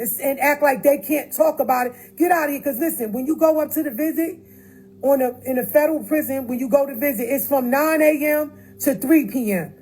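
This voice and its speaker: A woman's voice: high-pitched, a little mellow, poor audio. A woman talking straight to viewers on a phone livestream, emphatic and repeating her points. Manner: emphatic, repeats phrases, addresses viewers directly. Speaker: livestream host. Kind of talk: casual livestream talk.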